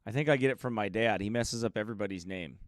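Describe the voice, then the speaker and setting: This American pastor speaks quickly in a fairly low voice, captured in clean studio sound without any room reverb. Before his sermon, he banters casually with people on the livestream, cracking jokes and calling out viewers by name.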